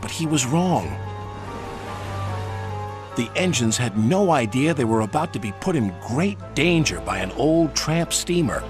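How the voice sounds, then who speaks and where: A man narrating a children's storybook in a measured, dramatic way, with music behind him. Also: medium pitch, very animated. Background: background music.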